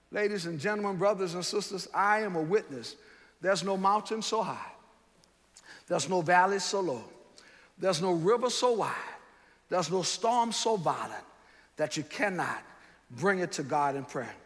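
A man preaching a sermon in a seminary chapel, building with rhythmic repetition, swelling to shouts and dropping low. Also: animated, a little slow. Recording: long hall reverb.

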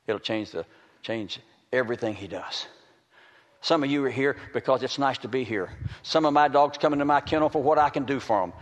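Male preacher, folksy, punchy loud bursts, long hall reverb. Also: medium pitch, brisk. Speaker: preacher and dog trainer. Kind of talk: sermon.

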